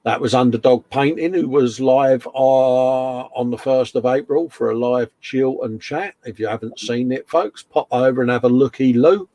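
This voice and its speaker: A man's voice: mid-range voice, moderate pace, hardly any pauses, warm tone, dry recording. A British man hosting a casual model-building livestream from a home workshop, chatting in a chummy, matey way and reading out viewer comments. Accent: British English. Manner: chummy and matey, calls everyone mate.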